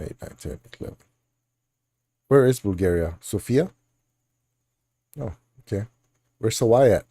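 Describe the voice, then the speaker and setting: A man with a lowish, mellow voice, hosting a relaxed chat about gaming news. He rambles, laughs easily and jokes along the way. The sound is close and dry, with no room in it. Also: gravelly, dry recording. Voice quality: laughs often, jokey and rambling. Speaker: podcast host.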